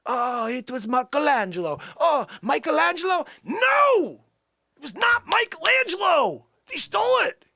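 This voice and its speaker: A man playing a boastful male time traveler who claims famous past lives, rambling with shouting outbursts. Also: very high-pitched, sing-song, measured pace, gravelly, dry recording, studio quality, voice pushed up, exaggerated voice. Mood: manic boasting.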